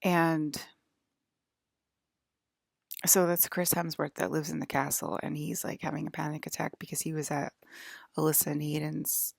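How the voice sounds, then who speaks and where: Anxious woman vlogger, low and heavily fried, wandering talk, dry close sound. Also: flat delivery, moderate pace, gravelly, pauses often, dry recording. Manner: hesitant, full of fillers and restarts. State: jittery and anxious. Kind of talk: rambling personal monologue.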